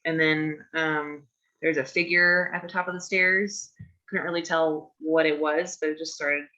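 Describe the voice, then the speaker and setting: Low-voiced woman playing a tabletop game. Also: fairly even intonation, measured pace, sharp tone, muffled recording. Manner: rambling, chatty with filler words. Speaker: player. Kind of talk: in-character tabletop game talk.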